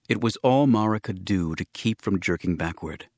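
A man narrating a novel in a steady, even storytelling manner as a scripted audiobook reading. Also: low-pitched, normal speed, few pauses, dry recording, studio quality.

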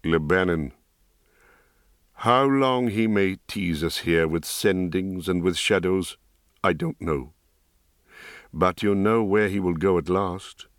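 A man voicing a wise, grave middle-aged mage in an audiobook, speaking in a low, measured way. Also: no echo, clean studio sound. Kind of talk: audiobook reading.

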